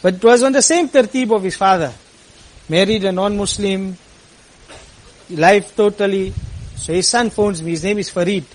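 Imam, high tenor-ish voice, earnest sermon storyteller, surges into impassioned peaks. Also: male voice, moderate pace, long pauses, poor audio.

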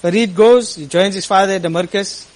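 Man, imam, sermon storytelling, earnest, impassioned climbs, fairly high voice. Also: brisk, poor audio.

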